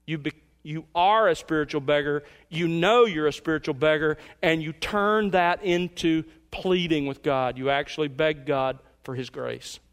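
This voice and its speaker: A man with a somewhat higher voice preaching a verse-by-verse sermon from the pulpit. He speaks in an emphatic, measured way and slows down to lean on the words that matter. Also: clean tone. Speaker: pastor. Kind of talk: expository sermon.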